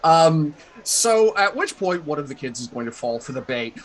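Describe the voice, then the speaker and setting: A man's voice: fairly high pitch, very animated, normal speed, few pauses, a little hiss or hum. A man narrating as game master of a tabletop game, chatty and chuckling often. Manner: chuckling, chatty, lots of fillers.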